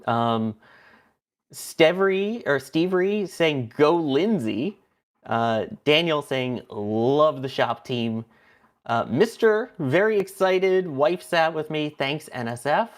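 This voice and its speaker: A man's voice: on the high side, animated, slow. A man co-hosting a livestream, chatty and punning, reading viewer messages aloud. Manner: chatty, punning, laughs often. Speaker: co-host.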